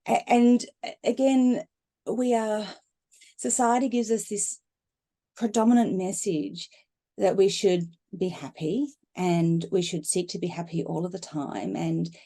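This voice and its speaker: A middle-aged woman speaking as a guest in a conversational talk, animated and laughing as she acts out inner voices. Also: mid-range voice, a little slow. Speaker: guest speaker on emotional healing.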